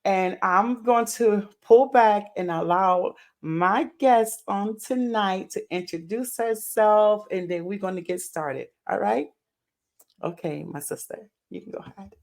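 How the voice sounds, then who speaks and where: A woman hosting a live stream, talking casually and excitedly, repeating her greetings and saying "y'all" to viewers. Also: medium pitch, measured pace. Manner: uses Southern US words like y'all. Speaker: livestream host and founder.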